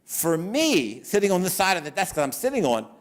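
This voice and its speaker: A middle-aged man, an attorney, giving a seminar talk to business owners and telling lively stories with acted-out quotes. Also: high voice, fairly quick.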